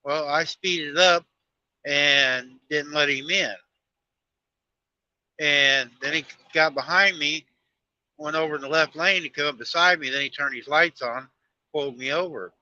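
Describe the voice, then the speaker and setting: Rambling trucker, bright dry voice. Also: male voice, fairly high pitch, measured pace, pauses often, no echo, muffled recording. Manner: rambling storyteller, folksy talk. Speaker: truck driver live-streaming. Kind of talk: casual live-stream chat while driving. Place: in a truck cab on the highway.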